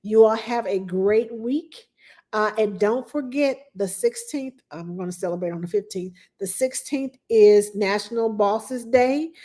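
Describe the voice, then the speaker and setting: A middle-aged woman talks casually to her live-stream viewers. Her voice is mellow and relaxed, and she rambles along, full of fillers and asides. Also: medium pitch. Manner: chatty, rambling, with frequent fillers and laughs. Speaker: nanny hosting a live Q&A stream.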